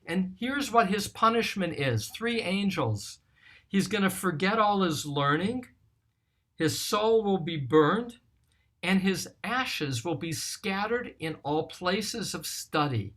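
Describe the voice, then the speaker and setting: A teacher giving a recorded study lesson on a psalm, reading verses aloud and explaining them in a slow, deliberate way. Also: medium pitch, animated, fairly bright tone. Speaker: teacher of scripture.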